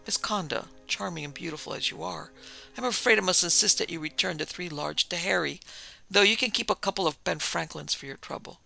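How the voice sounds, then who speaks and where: A man voicing a pudgy male mage who talks in a formal, pompous way and bursts into yells, in a storybook reading. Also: a little high, a little fast, vocal fry, soft background music, full character voice, low-quality recording.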